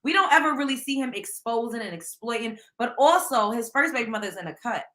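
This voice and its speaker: Hosting a laid-back live stream, this woman speaks with a Southern US drawl in a slightly high, bright, ringing voice. She's animated and quick, blunt and emphatic, constantly asking her viewers for their opinions while piling on the slang.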